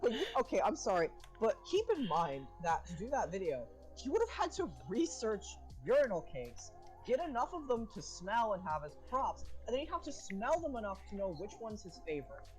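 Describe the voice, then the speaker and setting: A woman's voice: mid-range voice, big pitch swings, a little fast, darkish tone, soft background music, poor audio. A young woman co-host in casual chat on a stream, joking, swearing freely and laughing often.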